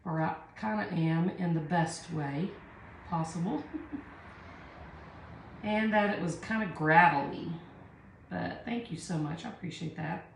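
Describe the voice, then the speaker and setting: A woman's voice: on the low side, unhurried, creaky, long pauses, a little hiss or hum. A woman with a Southern US accent hosting a live art tutorial, chatting with viewers and talking herself through each step in a self-deprecating way. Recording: echoey room.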